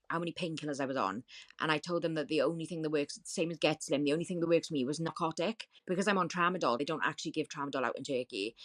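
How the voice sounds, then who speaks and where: A woman with a low, deep voice tells her own story as a podcast guest. She talks in a vivid, repetitive way, circling back to key details and quoting what people said to her. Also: a bit bright. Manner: vivid, repetitive retelling with quoted dialogue. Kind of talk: personal storytelling in a podcast interview.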